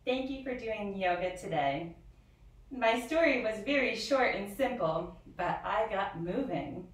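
A woman leading a yoga lesson for young children, giving gentle, slow, sing-song instructions. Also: medium pitch, animated. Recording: echoey room from far off.

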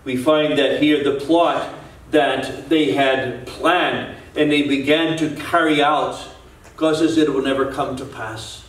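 Earnest pastor preaching in an echoey church. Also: male voice, mid-range voice, fairly even intonation, takes it slowly, distant mic. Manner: earnest, repetitive preaching with restarts. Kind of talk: sermon. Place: church sanctuary.

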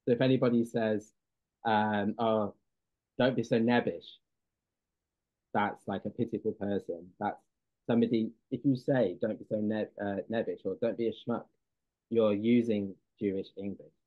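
Guy teaching a class, kinda low voice, lots of uh and um, asks the room if they get it, sounds dry and thin. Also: steady tone, moderate pace, no room sound. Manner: explanatory, checks in with the audience, many fillers. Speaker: lecturer. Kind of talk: classroom lecture. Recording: dry, tinny phone-like sound.

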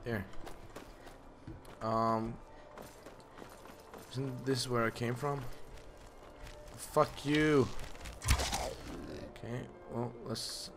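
A young man giving live gameplay commentary, swearing constantly and jumping from low muttering to loud outbursts at enemies. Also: fairly even intonation, extremely slow, pauses often, noisy background. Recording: loud game music behind the voice. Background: loud game music.

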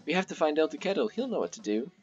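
A man's voice: on the high side, sing-song, rapid-fire, darkish tone, slightly rough, highs cut off, faint music behind, pitched above the performer's own voice. A man doing an eager reckless cartoon boy. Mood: urgent.

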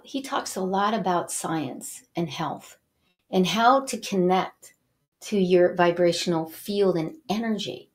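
A middle-aged woman hosts a wellness talk show, speaking right to the viewers. Her voice sits at a middle pitch. She tells her stories in an animated, encouraging way. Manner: animated storyteller, addresses viewers directly. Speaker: host and Reiki teacher.

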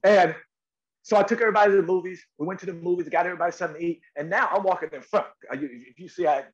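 Here a middle-aged man from North Carolina, USA, talks rapid-fire in a high voice on dull audio. As an actor guest in a storytelling interview, he tells tales animatedly, repeating words and acting out quotes.

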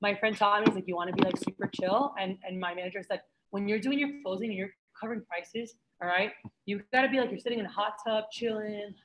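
A young woman leading a sales training session, talking fast and chatty and acting out customer exchanges for her trainees. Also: mid-range voice, steady tone, noisy background. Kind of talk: sales training talk to a group. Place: office room with trainees.

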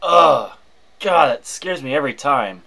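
A man narrating a screen-recorded software walkthrough in a chatty, informal way with wry asides. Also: medium pitch, expressive, moderate pace, a little hiss or hum. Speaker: tech video host.

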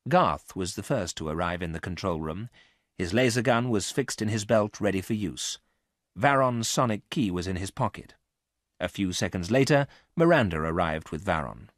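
Man narrating a learners' storybook, lowish voice, slow and clear, dry close mic. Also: lively intonation, no echo. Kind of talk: scripted narration of a graded reader.

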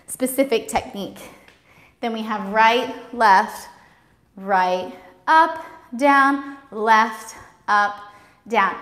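A woman's voice: on the high side, fairly bright tone. A woman teaching a live-streamed belly dance class, counting steps and calling out cues in a bubbly way. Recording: roomy studio with music behind.

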